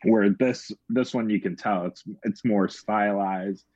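A man's voice: on the low side, unhurried, a little mellow, dry recording. A man in casual chat about horror films, rambling with lots of fillers and restarts. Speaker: podcast co-host. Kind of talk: casual film discussion. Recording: dull, dry lo-fi sound.

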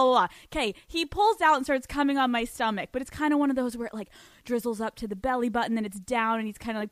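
A woman hosting a podcast and telling a story in a casual, animated way. She swears freely and laughs mid-sentence. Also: a little high, dry recording. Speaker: podcast host.

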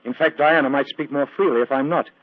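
A man's voice: fairly high pitch, fairly even intonation, fast talker, no room sound, lightly acted. A man playing an anxious, earnest clergyman. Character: agitated, earnest male clergyman. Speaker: reverend. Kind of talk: 1940s radio acting. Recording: tinny, dry old radio broadcast.

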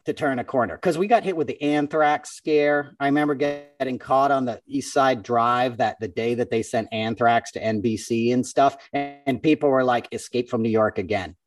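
Animated storyteller man, slightly distant mic. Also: medium pitch, moderate pace, few pauses, soft background music. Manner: animated, acts out other people's voices in stories. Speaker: guest, comedian. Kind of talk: casual storytelling conversation. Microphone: podcast microphone.

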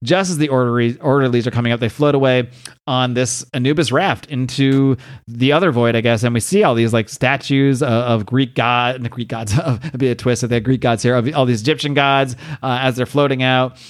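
A man's voice: mid-range voice, fairly even intonation, fairly quick. Rambling man recapping a comic. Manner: rambling, laughs while retelling. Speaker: podcast host.

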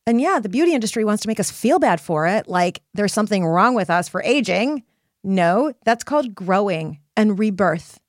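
A woman's voice: mid-range voice, expressive, moderate pace, no room sound, clean studio sound. A woman hosting a personal self-help podcast, coaching listeners in an earnest, emphatic way. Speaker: podcast host.

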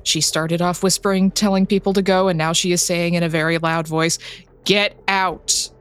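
Low-voiced woman game master narrating. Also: a little fast, smooth. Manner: relaxed, conversational, with frequent laughs. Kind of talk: narrating a tabletop role-playing game.

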